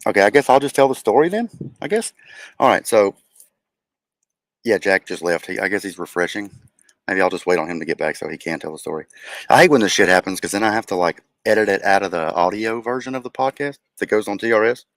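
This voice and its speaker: A man's voice: lowish voice, animated, quick pace, a bit bright, dry recording. A young man hosting a casual streamed podcast, talking in a loose, rambling and profane way. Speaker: podcast host. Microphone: remote stream setup.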